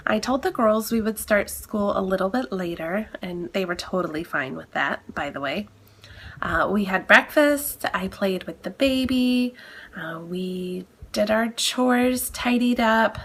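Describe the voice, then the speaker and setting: A woman in her thirties talks through a head cold, her voice stuffy and nasal. She sits at a mid pitch for a woman and chats casually for a vlog. She fills her pauses with plenty of ums and uhs. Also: fairly bright tone. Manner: chatty, with frequent ums and uhs. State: has a cold. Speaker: homeschooling mom vlogger.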